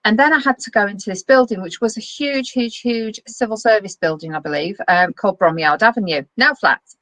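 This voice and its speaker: A middle-aged woman, hosting a casual chat and telling lively stories with frequent laughter. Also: medium pitch, fairly quick, no echo, poor audio. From northern England. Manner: lively storyteller, laughs often. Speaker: web TV host.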